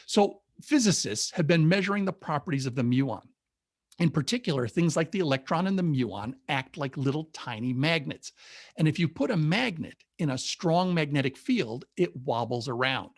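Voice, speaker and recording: A man's voice: a little high, animated, normal speed, dry recording, studio quality. A man presenting an informal public science talk on a video call, explaining things methodically with enthusiasm. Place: home or office on a webinar. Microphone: video call mic.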